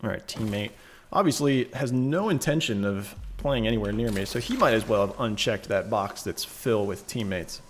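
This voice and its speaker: A man's voice: lowish voice, normal speed. Man, game streamer, casual chat, rambling asides, desk microphone, faint background hiss. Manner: rambling, self-correcting, chatty asides. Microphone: desk microphone on a shock mount.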